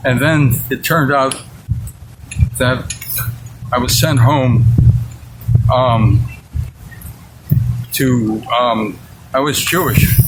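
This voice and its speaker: A man's voice: mid-range voice, noisy background. A man in his eighties recounts a personal memory in an interview, earnest and candid, acting out the dialogue he remembers. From United States. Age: 80s. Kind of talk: personal storytelling.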